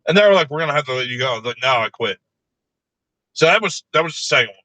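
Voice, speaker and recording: A man telling crude work stories in casual chat, laughing often and delivering his own quoted replies deadpan. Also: on the high side, very fast, no echo, poor audio.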